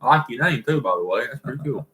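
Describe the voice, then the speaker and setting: Co-hosting a live stream, a Southern-accented man talks at a quick pace in a medium-pitched voice. His casual chat is full of folksy stories and frequent laughter, delivered with animation in an echoey room.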